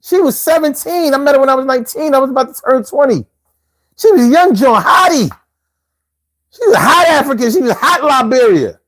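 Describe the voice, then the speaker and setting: Animated man telling slangy stories. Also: very high voice, brisk. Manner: animated, slangy storytelling, laughs often. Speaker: show host. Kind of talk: casual chat on a live show.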